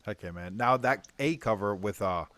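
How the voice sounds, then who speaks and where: A man's voice: lowish voice, moderate pace, a bit bright, dry recording. A man co-hosting a casual comic book review chat, laid-back and slangy, laughing often.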